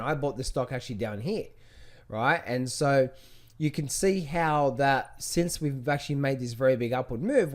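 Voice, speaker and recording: A man teaching trading from charts on screen, who keeps asking rhetorical questions and repeating his phrases. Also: fairly high pitch. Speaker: trading coach. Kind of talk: screen-share chart walkthrough.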